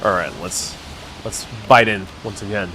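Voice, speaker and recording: A man's voice: lowish voice, fairly even intonation, moderate pace, pushed and bright, slight background noise. A man hosting a casual live stream from a cafe, tasting food and chatting to viewers, thinking aloud with fillers and restarts. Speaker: live-stream city vlogger. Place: cafe in the city. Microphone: wireless clip-on mic.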